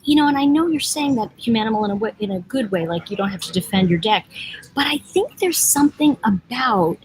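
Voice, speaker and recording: A woman's voice: on the high side, lively intonation, a little fast, slight background noise, poor audio. A woman from the United States hosting a casual livestream from an airport lounge, rambling and teasing as she reads out viewer comments. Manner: rambling, chatty, digressive, teasing. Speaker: livestream host and oracle deck author.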